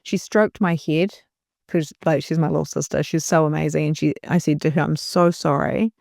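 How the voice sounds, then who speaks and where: A woman's voice: deep voice, steady tone, moderate pace, gravelly, a little mellow, dry recording, studio quality. A middle-aged woman, a guest on a podcast, telling a personal story in an earnest, emotional way with frequent restarts. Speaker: podcast guest, spiritual mentor.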